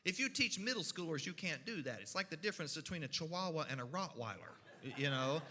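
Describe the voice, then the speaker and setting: A storyteller from the mountains, telling a funny story in a folksy, animated way, with sound effects and voices. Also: male voice, fairly high pitch, quick pace. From Kentucky mountains. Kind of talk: humorous storytelling. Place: church hall. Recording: reverberant hall.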